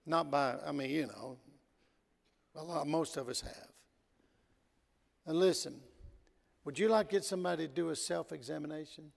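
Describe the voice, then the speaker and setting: A man preaching a sermon in a church, telling stories and swinging between loud emphasis and quiet asides. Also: on the high side, normal speed, vocal fry, pauses often. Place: church sanctuary. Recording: long church hall reverb.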